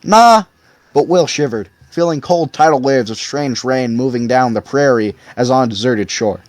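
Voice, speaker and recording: A man's voice: medium pitch, normal speed, darkish tone, no echo. A man reading a novel aloud expressively as audiobook narrator. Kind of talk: scripted narration.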